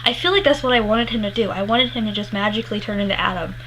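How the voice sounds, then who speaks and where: A woman's voice: mid-range voice, fast talker, a bit bright, slight background noise, low-quality recording. A young woman telling a concert story in a casual vlog, candid and rambling, swearing freely and laughing often. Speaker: music vlogger.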